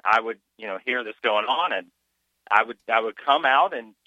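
Man, radio caller, halting and filler-heavy, muffled phone-in audio. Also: mid-range voice, animated, sharp tone, no room sound. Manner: halting, lots of uh and you know. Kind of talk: phone-in chat.

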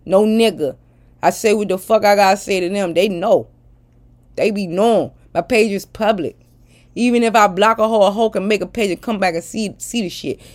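A woman's voice: mid-range voice, moderate pace. A middle-aged woman ranting bluntly and profanely at her followers in a casual vlog. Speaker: social media personality.

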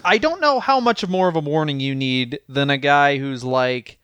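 A man co-hosting a comedy podcast, talking in an animated, profane way and laughing often. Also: on the high side, moderate pace, smooth, no echo. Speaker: podcast co-host. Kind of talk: casual comedic chat.

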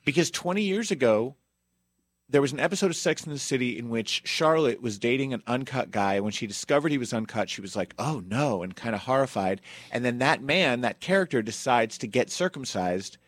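A man hosting a podcast, telling a story in a loose, chatty way with plenty of asides. His voice is mid-pitched, and the sound is dry and close. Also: animated, fairly quick, no room sound. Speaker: podcast host.

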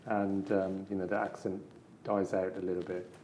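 A low-voiced English man with a light Midlands accent talks casually about his work. He hesitates a lot, filling gaps with ums and restarting phrases. The sound carries a roomy echo around him. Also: level tone, normal speed, darkish tone, a little hiss or hum. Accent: English, Midlands-tinged. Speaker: art dealer. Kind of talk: casual interview chat.

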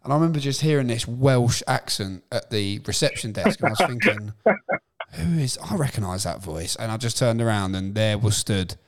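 A man's voice: medium pitch, fairly quick. A man hosting a casual chat interview, laughing along with his guest. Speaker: host.

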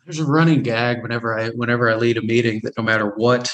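A man's voice: medium pitch, fairly even intonation, a bit bright, rough recording. A man in his thirties recounts his path to recovery in an open, candid way. He stumbles and restarts often, with filler words and short laughs breaking up his sentences. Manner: halting, many repeated starts and fillers, laughs often. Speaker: guest sharing recovery story. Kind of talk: candid personal testimony.

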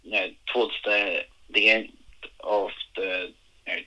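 An English man in casual conversation, explaining things in a measured way with plenty of fillers. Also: fairly low pitch, fairly even intonation, sharp tone, dull audio. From England. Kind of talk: casual chat.

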